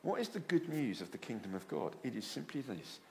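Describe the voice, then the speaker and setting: A man preaching a sermon, telling stories with lively asides. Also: mid-range voice, fairly quick, gravelly, a little hiss or hum. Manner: animated storytelling with acted asides.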